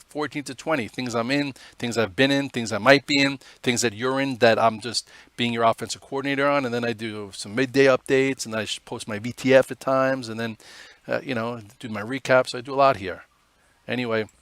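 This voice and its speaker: A man's voice: mid-range voice, a bit bright, no echo. A middle-aged man giving a casual daily market recap, chatty and rambling in a conversational way. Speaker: market commentator and trader.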